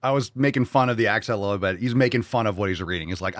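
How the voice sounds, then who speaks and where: A man's voice: lowish voice, steady tone, dry recording, studio quality. A man hosting a reaction show, commenting crudely and sarcastically on clips. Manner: crude, sarcastic, quick asides. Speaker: host.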